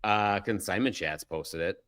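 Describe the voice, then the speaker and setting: Deep-voiced joking man co-host. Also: measured pace, fairly bright tone, dry recording, clean studio sound. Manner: joking, self-deprecating. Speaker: podcast co-host. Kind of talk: casual group chat.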